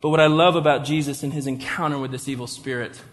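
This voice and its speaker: Animated preacher in a reverberant hall. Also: male voice, medium pitch, quick pace. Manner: animated, acts out voices of people in the story. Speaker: pastor. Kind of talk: sermon.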